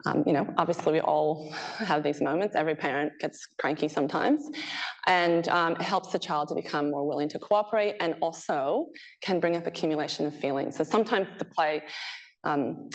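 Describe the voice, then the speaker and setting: A woman giving a research talk to a live audience. She is chatty and animated and often laughs. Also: deep voice, brisk, rough recording. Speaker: PhD researcher presenting her work. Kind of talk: conference presentation. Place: presentation room with a live audience.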